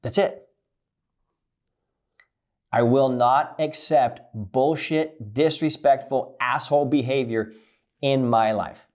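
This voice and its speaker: A man giving a blunt, profane coaching monologue about relationships, swinging from loud emphasis to low, quiet lines. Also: takes it slowly, long pauses.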